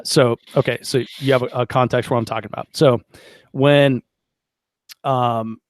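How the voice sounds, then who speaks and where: A man hosting a casual podcast interview, relaxed and chatty, reading out listener comments and asking long questions. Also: medium pitch, clear, resonant tone, no room sound. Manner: relaxed, chatty, reads live chat aloud. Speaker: podcast host.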